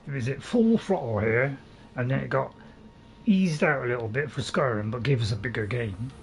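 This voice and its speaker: A man's voice: medium pitch, expressive, normal speed, vocal fry, a little hiss or hum. A man commentating casually on his own game playthrough, joking and teasing himself as he goes. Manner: chatty, joking, self-mocking, tries silly voices. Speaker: gameplay commentator. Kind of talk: casual let's play commentary.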